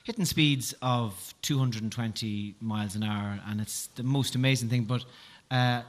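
A man's voice: medium pitch, moderate pace. A man hosting a chat show, asking curious questions with a jokey edge. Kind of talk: interviewing.

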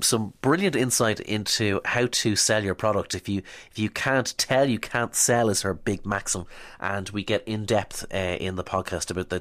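A man's voice: on the low side, a bit bright. Congested man hosting a podcast. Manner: chatty and upbeat, with fillers. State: congested from a cold. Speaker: podcast host. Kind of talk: interview podcast chat.

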